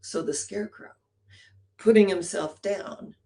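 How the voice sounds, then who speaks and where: Gravelly-voiced woman minister preaching. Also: medium pitch, measured pace. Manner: animated storytelling, rhetorical questions, drops to hushed near-whispers. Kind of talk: sermon.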